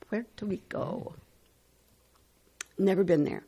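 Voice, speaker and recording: A woman's voice: on the low side, animated, moderate pace, gravelly. A woman hosting a radio call-in show, reading this-day-in-history items aloud with small stumbles and chatty asides. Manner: reads items aloud with stumbles on names and side comments. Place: radio studio.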